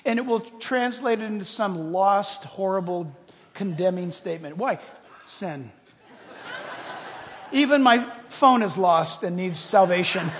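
High-voiced older male preacher in a reverberant hall. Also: slight background noise. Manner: animated, swings from loud exclamations to hushed asides. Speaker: pastor. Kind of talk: sermon.

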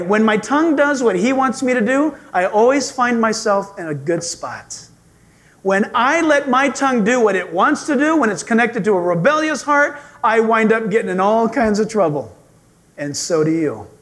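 A male pastor preaching a sermon in a church sanctuary, telling stories in an animated, humorous way. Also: extremely high pitch.

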